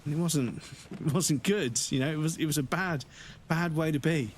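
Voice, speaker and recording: Frank, sweary streamer. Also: male voice, fairly high pitch, normal speed, slight background noise. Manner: frank, rambling, heavy swearing. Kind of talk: casual chat while gaming on a livestream.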